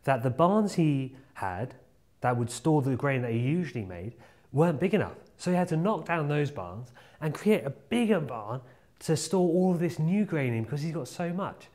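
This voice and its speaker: Man, children's church talk, chatty storyteller, middle pitch. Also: a little mellow. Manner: chatty, storytelling, speaks directly to kids.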